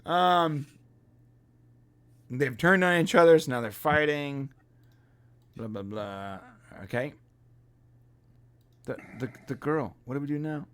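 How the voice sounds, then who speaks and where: A man co-hosting a casual show-review chat, joking and acting out scenes in quick quoted voices. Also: a little high, a bit bright, smooth. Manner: jokey, acts out scenes in quoted voices, laughs often. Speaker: podcast co-host.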